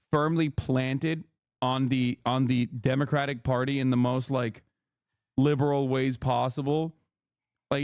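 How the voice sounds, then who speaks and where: A man's voice: mid-range voice, darkish tone, dry recording, clean studio sound. A man live-streaming, ranting at his chat in a profane, combative way. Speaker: live streamer reacting to a clip. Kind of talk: heated casual stream rant.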